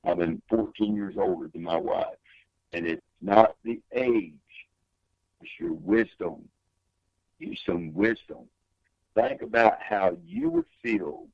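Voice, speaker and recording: Older male guest, deep gravelly storyteller, lively emphatic pitch swings. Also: slow, dry recording, dull audio. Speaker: guest, singer. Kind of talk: storytelling in an interview.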